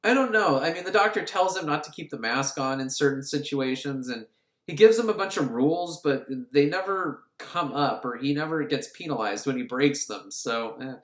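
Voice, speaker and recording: A man's voice: a little high, animated, normal speed, a bit bright. Crude, sarcastic man recapping a film. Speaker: film reviewer. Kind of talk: comic movie recap. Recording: roomy echo.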